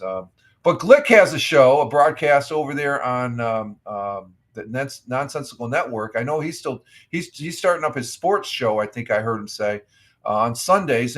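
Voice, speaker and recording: A man's voice: medium pitch, expressive, normal speed. A middle-aged man hosting a casual morning livestream, rambling in a friendly way, reading chat messages aloud and restarting his sentences often. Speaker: livestream host.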